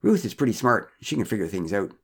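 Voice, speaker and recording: A self-assured young girl, calm and plain-spoken, as a man reads her. The voice has a low base with a lively lilt. A storybook figure. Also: fast talker, creaky, breathy edge, heavily acted.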